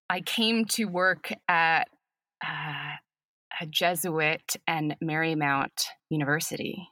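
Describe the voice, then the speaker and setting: Woman, acting professor guest, reflective chat, very slow pace, dry close sound. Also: fairly low pitch, dry recording. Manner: thoughtful, unhurried, laughs softly. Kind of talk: reflective podcast conversation.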